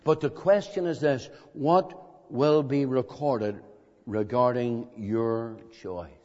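A man preaching an evangelistic sermon in a meeting hall, slow and dramatic, pressing his listeners with emphatic questions. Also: mid-range voice, darkish tone. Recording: dull lo-fi recording in a reverberant hall.

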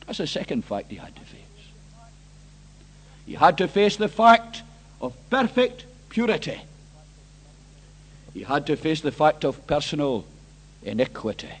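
A man's voice: fairly high pitch, lively intonation, a little slow, long pauses, husky. A man preaching an evangelistic sermon, earnest and emphatic, repeating key phrases and questioning his listeners directly.

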